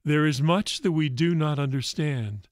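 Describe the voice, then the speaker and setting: A priest reading the part of Jesus as a calm, firm healer in a story, speaking in slow, solemn commands. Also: male voice, a little high, dry recording, studio quality, pitched above the performer's own voice, natural voice.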